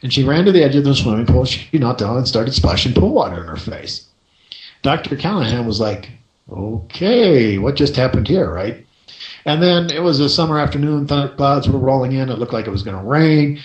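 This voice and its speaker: A man hosting a coaching radio show, telling a story in a lively way and checking in with the listener by asking "right?". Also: mid-range voice, brisk, echoey room, low-quality recording.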